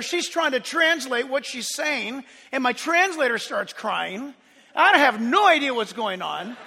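A man's voice: extremely high pitch, pushed and bright, in a large hall. A middle-aged man preaching a sermon as pastor in a church sanctuary, impassioned and emphatic.

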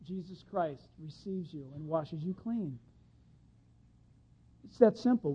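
Man, preacher, folksy sermon, animated, acts out voices, muffled lo-fi sound. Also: on the high side, slow pace, pauses often, breathy edge. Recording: dull lo-fi sound.

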